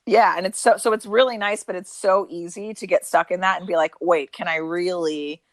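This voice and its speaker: A woman podcast host chatting in a relaxed, conversational way with filler words over the phone. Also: medium pitch, fairly quick, no echo. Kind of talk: casual chat.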